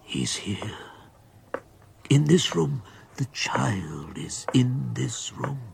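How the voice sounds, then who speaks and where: An older man playing an anxious, protective grandfather in a vintage radio drama, halting and stammering when upset. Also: mid-range voice, sing-song, gravelly, a little hiss or hum, heavily acted. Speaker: grandfather of a sick boy. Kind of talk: 1940s radio acting.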